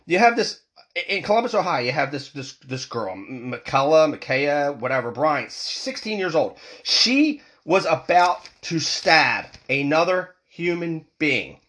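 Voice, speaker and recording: A man's voice: a little high, sing-song, measured pace, a bit bright. A man in his forties from the United States, ranting angrily and profanely as a vlogger, with heated repeated restarts. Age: 40s. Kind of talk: angry political rant.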